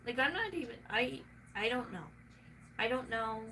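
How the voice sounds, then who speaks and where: A woman's voice: a little high, animated, moderate pace, bright, forceful tone. Rambling, swearing woman with a Southern twang. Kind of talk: casual chat. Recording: noisy room, mic at a distance.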